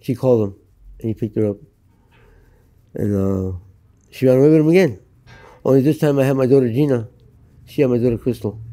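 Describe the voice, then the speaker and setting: A middle-aged American man tells his story in an interview, blunt and full of profanity. His voice is very dark and mellow. He sits at an ordinary middle pitch and speaks flatly, as if stating plain facts. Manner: blunt, profane, matter-of-fact. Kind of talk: candid storytelling. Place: Los Angeles.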